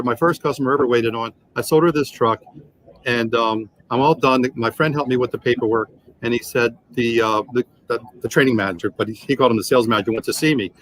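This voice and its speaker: A man in his sixties, a sales trainer, telling animated anecdotes and acting out the dialogue in a podcast interview. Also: medium pitch, poor audio. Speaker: guest, automotive sales trainer.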